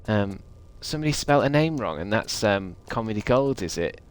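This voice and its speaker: A man's voice: lowish voice, expressive, moderate pace, clear, resonant tone. A man streaming a video game, rambling and swearing with a sarcastic edge. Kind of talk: gaming livestream commentary.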